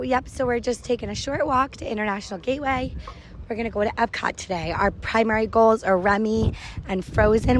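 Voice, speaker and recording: Woman, 30s, chatty, upbeat, rambling audio diary, outdoor phone recording, steady background noise. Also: mid-range voice. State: out of breath while walking. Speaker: podcast host vlogging a family park trip. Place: outdoors at a theme park, walking.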